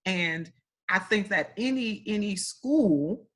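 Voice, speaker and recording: Speaking slowly in an animated mid-range voice, a female host runs a relaxed interview. Her questions are full of restarts and repetition, and she regularly recaps her guest's answers.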